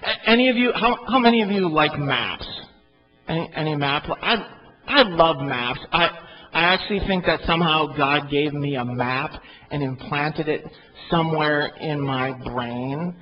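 Male pastor mid-sermon, expressive with emphatic bursts, a touch high-pitched, dull recording. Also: measured pace. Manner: animated, rising to loud emphatic peaks.

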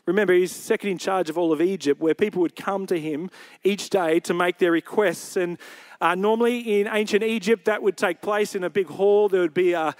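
A male pastor preaching a sermon at a church service, retelling a scripture story in his own words in a relaxed, conversational way. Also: high-pitched, brisk.

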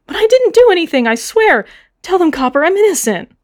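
A woman voicing a panicked young female sheep villager who pleads in a shrill voice. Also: big pitch swings, brisk. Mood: shrill pleading.

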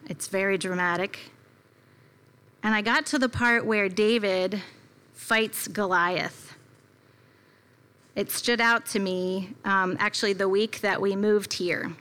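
A woman's voice: mid-range voice, steady tone, slow, long pauses, fairly bright tone. A woman preaching a conversational sermon, telling a personal story in a reflective way with casual fillers. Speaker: preacher at a church gathering.

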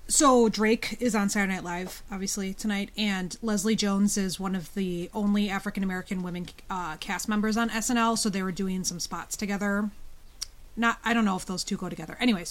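A woman's voice: medium pitch, fairly even intonation, fairly quick. Frank woman co-host, casual podcast talk. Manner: frank, opinionated storytelling. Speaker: teacher. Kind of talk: casual discussion.

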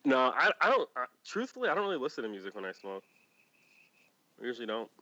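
Bright-toned casual podcast host. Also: male voice, mid-range voice, fast, dry recording, dull audio. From Illinois. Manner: relaxed, rambling, self-correcting. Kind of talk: casual chat.

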